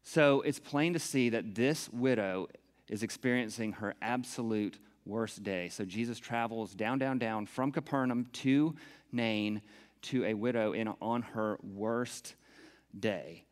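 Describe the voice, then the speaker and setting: A man's voice: on the low side, slow. Man preaching in a reverberant hall. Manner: expressive, swings from hushed to animated. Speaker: pastor. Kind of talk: sermon. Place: church hall.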